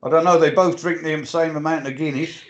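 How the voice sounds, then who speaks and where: A man from England with a slightly higher voice than most men, co-hosting a livestream. He keeps up dry, jokey banter in a relaxed, casual way. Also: a little fast, muffled recording. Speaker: co-host of a livestream. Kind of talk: casual chat.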